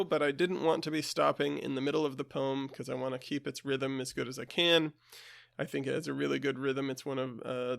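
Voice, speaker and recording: A man's voice: mid-range voice, gravelly, a bit bright, dry recording, studio quality. A man hosting a podcast, casually explaining old words in a conversational way with fillers and asides. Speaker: podcast host.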